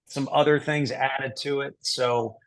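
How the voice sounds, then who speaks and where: A man's voice: mid-range voice, steady tone, unhurried. A middle-aged man, a head baseball coach, answering casually in an interview. He laughs easily and thinks aloud with self-deprecating humor.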